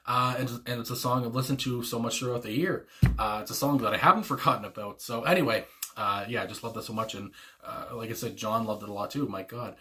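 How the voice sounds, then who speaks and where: A man's voice: medium pitch, a bit bright. Rambling, enthusiastic male music reactor. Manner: rambling, enthusiastic, frequent fillers and little laughs. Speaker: music reaction channel host. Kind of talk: casual talk about favourite songs.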